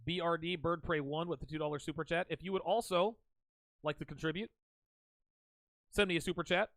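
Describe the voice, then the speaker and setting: Gravelly high-voiced man mocking a clip. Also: fairly even intonation, fairly quick, fairly bright tone, no echo. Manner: mocking, talks back at a clip. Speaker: commentary show host. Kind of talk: reaction commentary.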